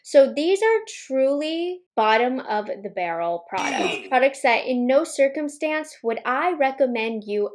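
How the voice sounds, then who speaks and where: Chatty pregnant woman reviewing makeup. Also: sits high. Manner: candid, chatty and opinionated. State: pregnant and a little out of breath. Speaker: beauty vlogger. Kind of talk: casual makeup review vlog. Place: home room at a makeup table.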